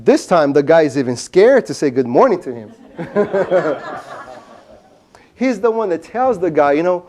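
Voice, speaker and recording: A man's voice: on the high side, big pitch swings, measured pace, long pauses, a crowd in the background. A man giving a seminar lecture, telling a story with lots of rhetorical questions. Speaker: seminar speaker.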